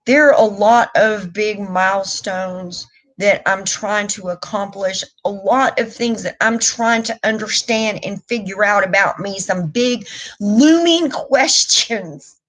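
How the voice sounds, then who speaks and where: Middle-aged woman rambling on a live stream, slow and candid, restarts a lot. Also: mid-range voice, fairly bright tone, low-quality recording. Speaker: vlogger. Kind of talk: casual live stream chat.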